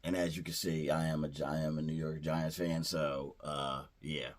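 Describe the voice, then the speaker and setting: A man's voice: rumbling low, little pitch movement, moderate pace. A man reviewing a movie in a casual retelling, rambling with lots of fillers and restarts and briefly acting out the characters' lines. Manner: playfully acts out character lines.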